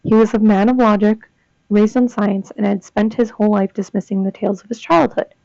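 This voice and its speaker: A woman's voice: mid-range voice, steady tone, fairly quick, creaky, warm tone, no room sound. A young woman reading ghost stories aloud and chatting between them, reacting with gasps and comments. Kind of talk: casual reading with asides. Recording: dull lo-fi dry sound.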